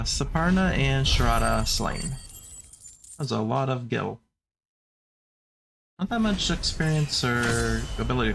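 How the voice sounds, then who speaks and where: A man giving relaxed, casual commentary on a video game as he plays, narrating each move. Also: mid-range voice, vocal fry. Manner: relaxed, narrating his moves. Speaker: streamer. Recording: voice over game music.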